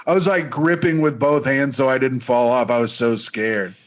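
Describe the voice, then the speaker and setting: A man's voice: medium pitch, moderate pace. A young man co-hosting a casual podcast chat, teasing his friend with dry humor. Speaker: podcast co-host.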